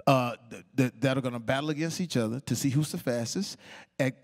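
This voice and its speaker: A man telling animated stories as the guest of a live stage interview, acting out the people he quotes. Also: mid-range voice, brisk. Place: onstage talk before a live audience.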